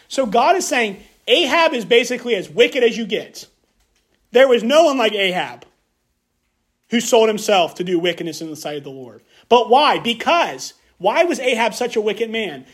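A man's voice: high voice, sing-song, a little slow. A man preaching a sermon, reading scripture aloud and then explaining it with emphatic repetition and rhetorical questions. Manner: emphatic, repeats key phrases, rhetorical questions.

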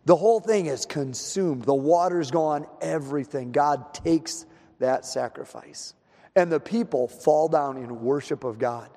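A male pastor preaching a sermon, telling the story in an animated way and acting out the scenes. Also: on the high side, moderate pace, in a large hall.

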